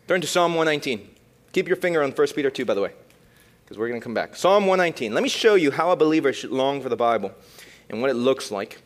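A young man preaching a youth sermon, shifting between loud emphatic bursts and quiet, reflective passages. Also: medium pitch, expressive, fast talker. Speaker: youth pastor.

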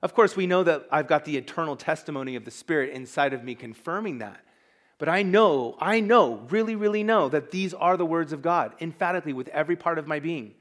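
A man's voice: a little high, brisk, a bit bright. A man preaching a sermon as pastor, emphatic and conversational, with asides to the congregation.

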